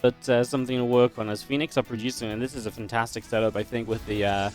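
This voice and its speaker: Guy casting a strategy game, chatty, explains plays, laughs a lot, normal pitch. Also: steady tone, quick pace, darkish tone, faint music behind. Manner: analytical, chatty, laughs easily. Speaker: esports caster. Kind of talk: play-by-play game commentary.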